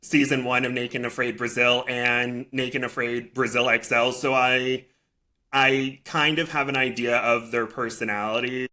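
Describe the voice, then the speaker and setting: A man co-hosting a podcast, explaining his views in relaxed casual chat with frequent restarts. His voice sits in a middle range and sounds bright and clear-edged. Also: medium pitch, moderate pace. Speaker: podcast co-host.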